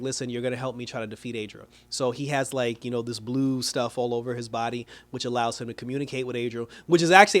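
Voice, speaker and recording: A man with a middle-pitched voice retells a TV episode in loose, chatty speech. He laughs often and slips into quoting the characters as he goes. The delivery is casual and lively, like a reviewer talking straight to his viewers. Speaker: TV show reviewer.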